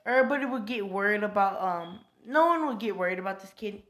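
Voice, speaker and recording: A woman's voice: medium pitch, animated, fast talker, fairly bright tone. A woman improvising a fan-fiction story aloud, hesitant with many fillers and restarts.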